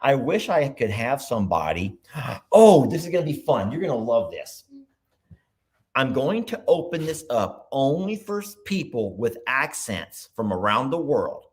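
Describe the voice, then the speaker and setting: A man hosting a casual livestream from his computer, chatting loosely and thinking out loud as he goes. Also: mid-range voice, big pitch swings, unhurried. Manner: rambling, chatty, thinks aloud. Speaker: livestream host. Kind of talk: casual live chat.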